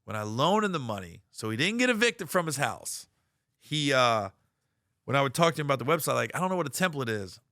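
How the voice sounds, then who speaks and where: Animated storytelling comedian, bright voice. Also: male voice, mid-range voice, a little fast, dry recording, studio quality. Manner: animated, profane, acts out quoted voices.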